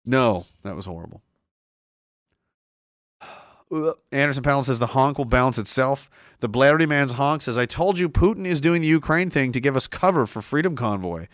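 A man's voice: medium pitch, lively intonation, normal speed, a bit bright, no room sound, studio quality. A man streaming casually, reading chat aloud and rambling sarcastically with lots of fillers. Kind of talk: casual live-stream commentary.

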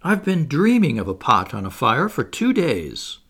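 A man's voice: medium pitch, huge pitch swings, normal speed, creaky, a bit bright, pitched above the performer's own voice, exaggerated voice. A man reading an elderly aristocrat who complains plaintively about his hardships. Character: elderly male aristocrat, kindly and pompous.

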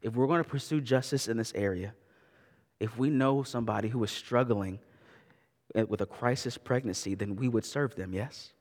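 A man's voice: mid-range voice, moderate pace, a little mellow. Man preaching in a reverberant church. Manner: conversational preaching with asides and repeated words. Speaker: pastor. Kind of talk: sermon. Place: church sanctuary.

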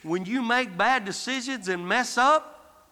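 A man's voice: very high-pitched, a little slow, bright, forceful tone, in a large hall. A man preaching a sermon as a guest preacher, exhorting and calling out to the congregation. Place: church sanctuary.

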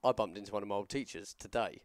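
A man's voice: on the low side, fast, clear, resonant tone, no room sound. Chatty man telling rambling stories. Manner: rambling storyteller, animated when quoting others. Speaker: podcast co-host, wrestler. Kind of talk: casual chat.

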